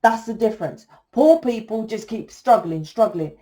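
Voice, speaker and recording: A woman talking through a casual tarot reading, blunt and salty, often checking in with a quick "right?". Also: fairly high pitch, expressive, warm tone. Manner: blunt, swears freely, keeps asking "right?". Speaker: tarot reader.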